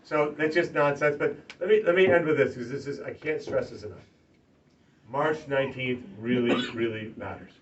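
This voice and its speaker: A man's voice: mid-range voice, normal speed, over a noisy crowd. Man, political candidate, campaign speech, emphatic, distant mic, lo-fi sound. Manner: emphatic, swings from loud rallying to hushed earnest. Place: party office meeting room. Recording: distant lo-fi room recording, faint ambience.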